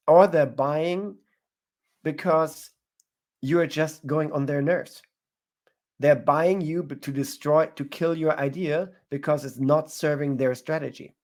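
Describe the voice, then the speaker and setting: A man giving advice as a guest in an interview, often restarting his phrases as he searches for words. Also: fairly high pitch. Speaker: guest entrepreneur. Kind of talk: casual interview answers.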